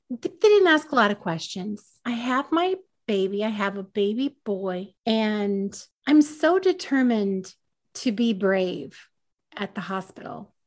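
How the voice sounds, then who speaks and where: A woman guest on a podcast, telling a personal story in a candid, self-deprecating way. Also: on the high side.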